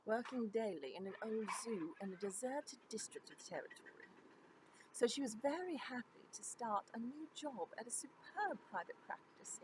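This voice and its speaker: A woman's voice: mid-range voice, noisy background, voice pushed up, lightly acted. A woman reading a story aloud in a put-on proper British accent, pronouncing each H with care. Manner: careful, precise reading with crisp H's.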